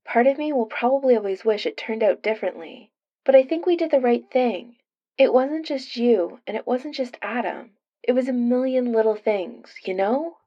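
A woman voicing a soft, wistful ex-wife. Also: fairly high pitch, lively intonation, normal speed, dull audio. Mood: sad wistful. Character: soft-spoken sad young woman, ex-wife.

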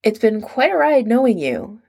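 A woman reading aloud, voicing a calm, wry young man who speaks evenly. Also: fairly high pitch, moderate pace, creaky, voice pushed up, heavily acted.

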